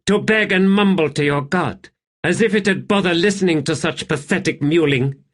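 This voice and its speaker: A man's voice: a little high, sing-song, a little slow, voice pushed up. A man reading an audiobook, voicing a haughty, sneering woman with a cutting, scornful manner. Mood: contemptuous. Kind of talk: audiobook character voice.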